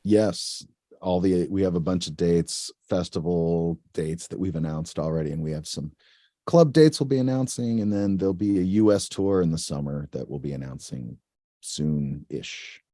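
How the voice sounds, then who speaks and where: Chill musician guy from the northeast, real low voice, jokey, swears easy, dry close sound. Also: moderate pace, warm tone, dry recording. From northeastern United States. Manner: laid-back, joking, swears casually. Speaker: guest musician. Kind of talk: casual interview chat.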